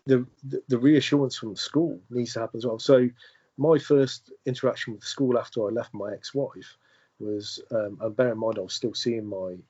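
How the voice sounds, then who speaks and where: A man recounts his experience in conversation, stopping and starting, repeating words as he goes. His voice is somewhat husky and sits at an ordinary middle pitch. The recording is a bit dull and lo-fi. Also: steady tone, darkish tone. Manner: halting, with many restarts and repeated words. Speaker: podcast guest. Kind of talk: conversational storytelling.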